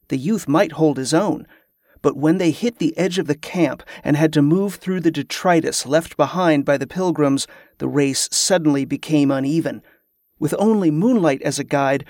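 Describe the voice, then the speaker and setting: A man's voice: on the high side, a little mellow, dry recording. Man narrating an audiobook, dry and close. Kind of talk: scripted narration.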